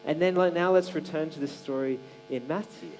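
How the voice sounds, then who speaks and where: A man's voice: on the high side, a little fast, darkish tone, faint music behind, poor audio. A man giving a casual, conversational sermon, with many fillers and restarts. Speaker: preacher.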